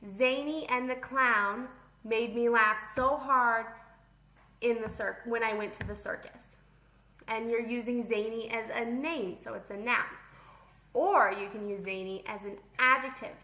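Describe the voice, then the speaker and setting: Young woman, teacher, playful vocabulary lesson, slow and deliberate, echoey classroom. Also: fairly high pitch. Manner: playful, animated, talks to pretend students.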